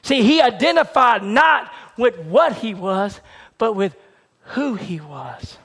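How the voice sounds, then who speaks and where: A man preaching a sermon with a repetitive, building cadence that swings between shouted peaks and hushed, near-whispered lines. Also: high voice, very animated, slow, husky.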